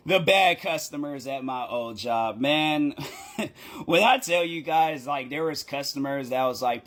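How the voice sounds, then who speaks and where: A man tells a rambling story time vlog in a slightly high, bright, forward voice. He talks casually and with lots of energy, laughing often and slipping into acted-out quotes as he goes. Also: animated, measured pace. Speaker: content creator.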